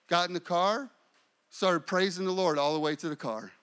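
A man's voice: high voice, normal speed, fairly bright tone. A man preaching a sermon, repeating phrases and telling a personal story. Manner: repetitive, declaring, testimony-telling. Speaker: pastor.

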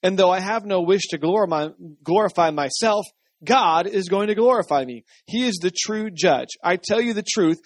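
A pastor reading out Jesus, a calm and authoritative teacher who declares each line with weight. The voice sits fairly high for a man and the sound is dry. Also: normal speed, no room sound. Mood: declaring. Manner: emphatic, declaring. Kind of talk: dramatic scripture reading in a sermon.

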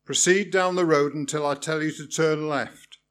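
A prickly, humourless driving examiner, as a man reads him out, clipped and pedantic, pressing heavily on each word. The voice sits a little higher and louder than the reader's own, a touch above a typical man's pitch. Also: fairly even intonation, normal speed, natural voice. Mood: stiff. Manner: pedantic, clipped, over-emphatic. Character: stiff, irritable male driving examiner.

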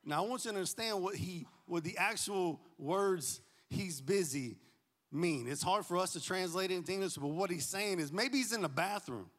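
A pastor preaching a sermon, animated and joking, swinging from loud to hushed. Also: male voice, high-pitched, normal speed, long reverb tail.

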